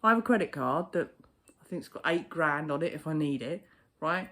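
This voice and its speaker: A man's voice: a little high, normal speed. Blunt, sweary man talking to camera. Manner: blunt, sweary, animated storytelling. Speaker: postal worker vlogger. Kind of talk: casual chat to camera.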